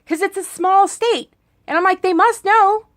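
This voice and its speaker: A woman's voice: very high-pitched, a little slow, fairly bright tone. A woman ranting casually in a political vlog, chatty and sarcastic, rambling with many restarts. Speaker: political vlogger.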